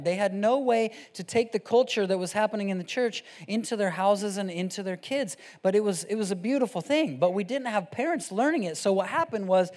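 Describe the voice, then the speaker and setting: Preaching off the cuff, this man is relaxed and lively, starting softly with scripture before rising into loud, fired-up exhortation. His voice sits high.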